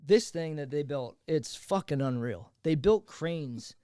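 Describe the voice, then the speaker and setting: A man co-hosting a podcast, telling a history story in animated, profane, slangy casual chat. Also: on the high side, unhurried, clear, resonant tone, dry recording, clean studio sound. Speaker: podcast co-host.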